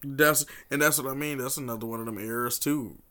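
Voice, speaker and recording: A man's voice: medium pitch, steady tone, a little fast, pushed and bright. A young man co-hosting a podcast, talking in laid-back, slangy banter and laughing easily. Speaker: podcast co-host. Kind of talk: casual chat.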